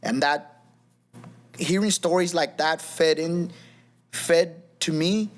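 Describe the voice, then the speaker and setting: A man in his thirties, appearing as a podcast guest, shares his personal testimony in a casual, rambling way, restarting often and saying "you know what I mean." His voice runs on the high side and he speaks slowly.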